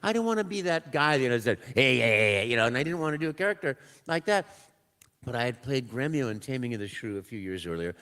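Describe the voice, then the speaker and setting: A man's voice: mid-range voice, quick pace. An older man, a voice actor guest, telling a story at a live convention panel, acting out the dialogue and sound effects as he goes. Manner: animated, acts out dialogue and sounds.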